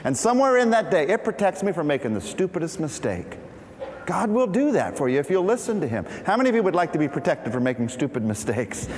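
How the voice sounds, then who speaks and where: A man's voice: a little high, sing-song, fast, a little mellow, slight background noise. A middle-aged man preaching a conversational sermon, leading his congregation through Bible verses. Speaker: pastor. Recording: long hall reverb.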